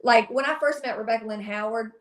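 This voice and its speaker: High-voiced bubbly Southern woman. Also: fast, reverberant. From South Carolina, USA. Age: young adult. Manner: bubbly, gushing, laughs often. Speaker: country singer guest. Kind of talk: casual interview chat.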